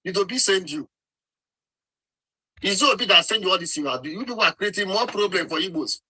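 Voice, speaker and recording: A Nigerian man arguing hard in a live online debate, his voice high and very bright and forceful. He scolds, repeats his points and keeps talking over anyone who cuts in. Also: expressive, fairly quick, breathy edge, poor audio. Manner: scolding, repetitive, talks over interruptions. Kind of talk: heated argument.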